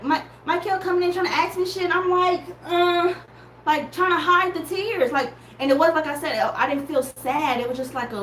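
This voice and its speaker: A woman in casual chat, telling an animated story and calling her listeners y'all. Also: high voice, moderate pace. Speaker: podcaster reviewing a music battle. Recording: echoey room with faint background noise.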